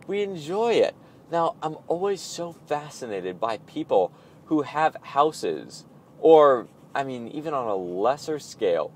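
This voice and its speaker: Lively, playful man talking in an audio blog. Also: medium pitch. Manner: playful, self-mocking, rambling. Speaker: audio blogger. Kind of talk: casual spoken reflection.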